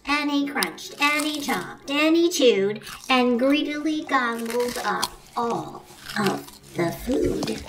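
A woman reads a picture book aloud to preschoolers, slow and very expressive. Her voice is high and swoops widely, and she gasps at the surprises. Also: recorded from a distance. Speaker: preschool storyteller.

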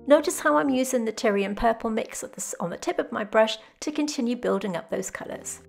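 A woman calmly teaching a botanical watercolour tutorial step by step, speaking in a gentle, unhurried way. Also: a little high, gravelly, soft background music. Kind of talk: calm step-by-step painting tutorial. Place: home studio with glass roof.

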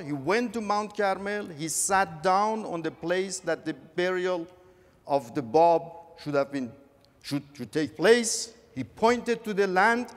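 A man giving a conference talk, halting and earnest, often repeating words as he goes. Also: sits high. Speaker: conference speaker. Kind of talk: lecture on religious history. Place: large conference hall. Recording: echoey conference hall.

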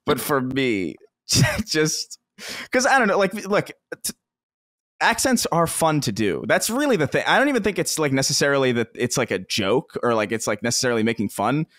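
A very animated male co-host with a mid-range, slightly bright voice talks at normal speed on a podcast. The casual chat rambles, full of restarts and frequent laughter, and the studio sound is clean with no room sound.

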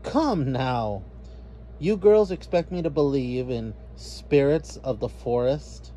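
A man's voice: mid-range voice, expressive, slow, mellow, a little hiss or hum. A man voicing a skeptical, prim girl in a storybook reading. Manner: doubtful, prim. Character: skeptical older-sister girl.

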